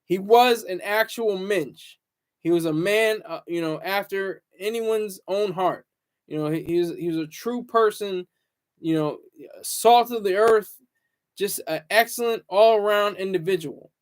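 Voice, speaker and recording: A man hosting his own talk show, speaking in a halting, rambling way with lots of repeated words and fillers, earnest and reflective. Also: sits high. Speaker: show host. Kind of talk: solo talk-show monologue.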